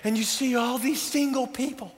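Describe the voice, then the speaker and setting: A man in his forties preaching a sermon, telling animated stories and acting out scenes. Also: very high voice, normal speed, background noise. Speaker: pastor. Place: large church worship center. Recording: long hall reverb.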